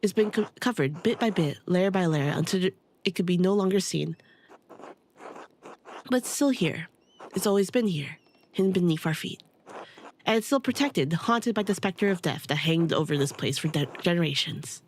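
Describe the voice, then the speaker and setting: A woman reading aloud the lines of a weary, grieving older male hermit scholar from a story game, in a subdued, halting way. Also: on the low side, animated, a little mellow, a little hiss or hum, natural voice. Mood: somber.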